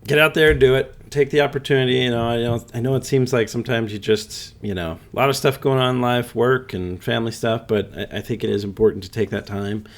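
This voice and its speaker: A man co-hosting a casual podcast, talking in halting restarts with many fillers. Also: medium pitch, steady tone. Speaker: podcast co-host. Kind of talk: casual chat.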